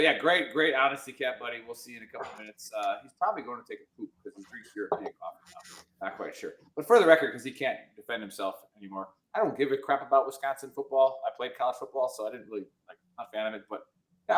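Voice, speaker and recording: A man's voice: mid-range voice, fairly bright tone, reverberant. Joking, profane male podcast host. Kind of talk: rowdy casual chat.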